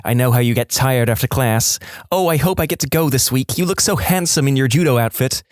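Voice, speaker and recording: A man's voice: medium pitch, fairly quick, no room sound, clean studio sound, close to an everyday voice. A man voicing a chatty, oblivious middle-aged mother who rambles on a shared phone line in a narrated story.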